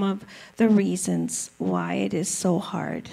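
A woman giving an earnest, gentle talk on apologies, unhurried and reflective, sometimes reading aloud. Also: medium pitch, sing-song, gravelly, rough recording. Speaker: speaker teaching about apologies. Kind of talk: slow reflective talk with a read-aloud excerpt.

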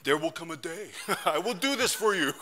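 A man's voice: on the high side, lively intonation, moderate pace, pushed and bright, pitched above the performer's own voice. A man doing a theatrical Italian Pilate.

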